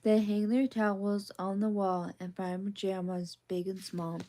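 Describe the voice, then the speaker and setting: A woman with a mellow, warm voice reads children's picture books aloud for a soft ASMR bedtime session. Her delivery is gentle and sing-song. Her pitch sits in the middle range. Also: little pitch movement, measured pace.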